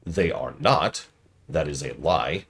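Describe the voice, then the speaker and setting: Deep-voiced male streamer, wry and ranting. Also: slow, creaky, fairly bright tone. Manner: wry, ranting, mocks the ads he criticizes. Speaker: game streamer. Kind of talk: casual commentary while playing.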